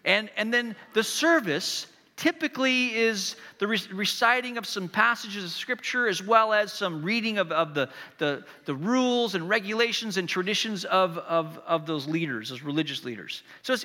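Man preaching in a big echoey church, sharp bright voice, talks right to the crowd. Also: sits high. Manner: vivid storytelling, addressing the congregation directly. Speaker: pastor. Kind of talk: sermon.

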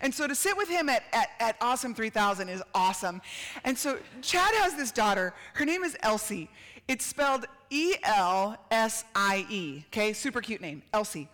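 Brief: middle-aged woman, lively storytelling sermon, high and bright voice, echoing in a large hall. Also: moderate pace. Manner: animated, acts out quotes, laughs and shouts. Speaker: speaker at a church gathering.

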